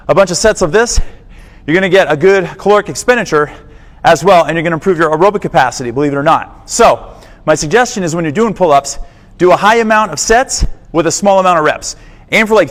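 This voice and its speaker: A man working as a fitness coach, giving an upbeat, direct workout lesson. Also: on the high side. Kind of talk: instructional fitness explainer. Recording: long reverb.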